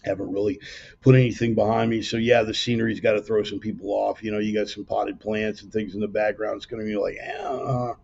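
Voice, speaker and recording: Gravelly-voiced man, low and husky. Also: flat delivery, quick pace, darkish tone, muffled recording. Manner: rambling, self-correcting, brash asides. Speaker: podcast host. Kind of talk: casual livestream commentary. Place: dining room in a private home. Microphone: laptop.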